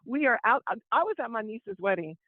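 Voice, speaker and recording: Woman host, highish voice, preachy storytelling, dry tinny call audio. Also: very animated, a little fast, dry recording. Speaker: co-founder and host. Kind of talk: casual talk on a group call.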